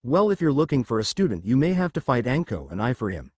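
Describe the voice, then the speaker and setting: Brief: man voicing relaxed teasing ninja teacher, animated storybook read, dry. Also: mid-range voice, fast talker, slightly rough, dry recording. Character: laid-back male ninja teacher, joking smoker. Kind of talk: storybook reading.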